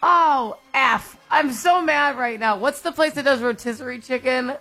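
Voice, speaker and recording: A woman's voice: sits high, unhurried, faint music behind. A woman co-hosting a radio show in casual chat, telling stories animatedly and acting out what people said. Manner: animated storyteller, acts out quotes. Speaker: radio co-host.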